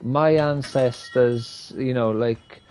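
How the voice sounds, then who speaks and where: A man's voice: medium pitch, slow pace, darkish tone, clear, resonant tone. A man from Wales, rambling and swearing as he gives live gameplay commentary. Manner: rambling, profane, opinionated. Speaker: streamer.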